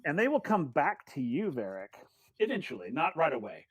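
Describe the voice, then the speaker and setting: A man narrating as game master of a tabletop game, chatty and animated, with many fillers. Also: on the high side, fairly quick, breathy edge, no echo.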